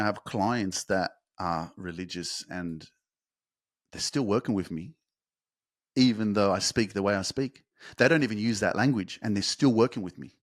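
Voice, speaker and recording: A man hosting a motivational podcast, talking fervently and emphatically, swearing for emphasis and building to fast, intense peaks. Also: lowish voice, no room sound, clean studio sound. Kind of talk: motivational monologue.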